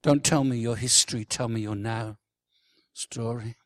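Slow, emphatic older male preacher. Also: medium pitch, fairly even intonation, dry recording, studio quality. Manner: emphatic, swings from loud declarations to hushed near-whispers. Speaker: worship leader. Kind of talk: sermon. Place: church conference hall.

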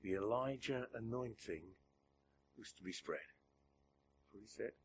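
Slow, emphatic male preacher. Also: lowish voice, slight background noise. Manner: emphatic preaching that drops to a hushed near-whisper. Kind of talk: sermon to a church gathering.

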